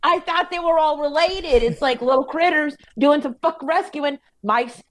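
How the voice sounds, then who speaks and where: A woman's voice: sits high, moderate pace, a bit bright. A woman co-hosting a podcast in casual, profane chat, laughing often. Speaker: podcast co-host.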